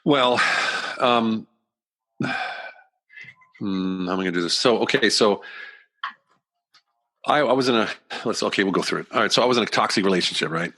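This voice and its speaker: A man with a very low, deep voice speaks as a podcast guest. He tells a personal story candidly and earnestly. His sentences ramble and he often restarts them mid-thought. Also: normal speed, long pauses, fairly bright tone. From United States.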